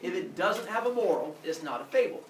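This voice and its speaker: A man's voice: sits high, a little fast. A man lecturing a class with comic flair, his voice rising and falling widely as he jokes and acts things out. He is heard from a distance in a roomy classroom with a faint hum behind him. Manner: animated, jokey, acts out voices and sound effects. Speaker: teacher. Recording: roomy echo, mic far off, faint room noise.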